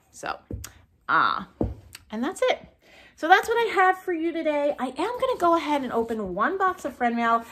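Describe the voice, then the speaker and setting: A woman's voice: fairly high pitch, a bit bright. A woman, a thrift vlogger, chatting casually through a haul video and gushing over each item she unwraps.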